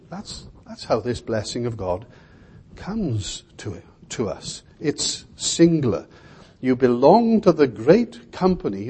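A man's voice: medium pitch, mellow, slightly rough. An older man preaching a sermon in an earnest, emphatic way, repeating key words.

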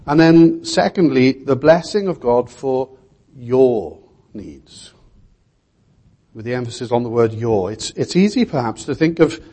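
A male preacher delivering an expository sermon with a mellow, husky voice. He speaks in a measured way and keeps asking his listeners rhetorical questions. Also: medium pitch.

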